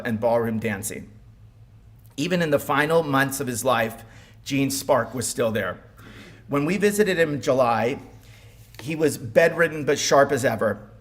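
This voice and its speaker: A man's voice: medium pitch, fairly bright tone. A man giving a eulogy at a funeral home as the son-in-law, speaking with wry humor and some stumbles.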